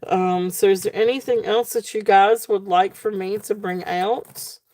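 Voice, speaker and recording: A woman hosts a live online jewelry sale in a loose, chatty way, filling pauses with ums as she describes each piece. Her voice sits at an ordinary middle pitch. The sound is dry and close, with little room around it. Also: dry recording. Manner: chatty, many ums, relaxed and tired. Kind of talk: casual live-stream selling.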